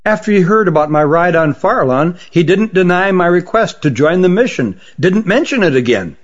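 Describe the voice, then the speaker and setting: A man's voice: sits high, lively intonation, moderate pace, pitched above the performer's own voice. An eager young male Shillito who talks persuasively, played by a man. His voice is a little raised. The recording is dull and lo-fi. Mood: hopeful.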